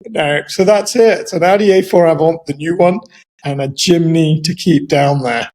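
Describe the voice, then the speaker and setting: Male co-host, high register, measured and itemising. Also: darkish tone. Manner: deliberate, lists details one by one. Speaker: podcast co-host. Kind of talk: casual chat.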